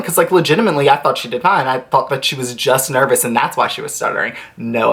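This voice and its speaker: A woman's voice: a bass voice, a bit bright. A woman in her twenties telling a casual storytime, rambling with lots of filler words and the odd swear. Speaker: vlogger.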